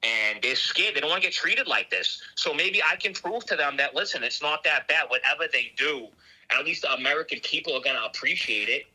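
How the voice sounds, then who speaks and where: A man's voice: a little high, expressive, brisk, bright, forceful tone, low-quality recording. A man with a Boston accent, a guest agent talking earnestly and with feeling about his work. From Boston area, US. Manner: earnest, heartfelt, choked up. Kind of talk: emotional remote interview talk.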